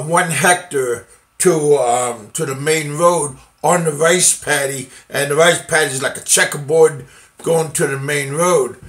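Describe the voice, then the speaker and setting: A middle-aged man from the United States recounts a personal story at a slow, unhurried pace. His voice sits a little high for a man. He stops and restarts often, filling the gaps with ums and uhs. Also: a bit bright. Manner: halting, many fillers and restarts, occasional laughs. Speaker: vlogger telling a personal story. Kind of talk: casual first-person storytelling.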